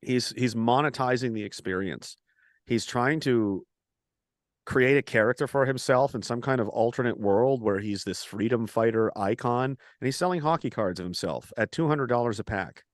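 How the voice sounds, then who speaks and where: A man's voice: medium pitch, moderate pace, no room sound, clean studio sound. A man hosting a casual satirical talk stream, ranting and mocking with plenty of swearing. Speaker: host.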